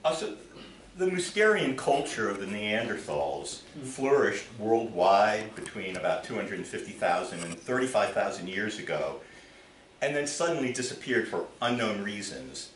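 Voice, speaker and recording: Man, poet, live poetry reading, lively intonation, echoey theater, faint background. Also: on the low side, slight background noise. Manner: measured, expressive reading. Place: theater stage. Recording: roomy theater, from far off.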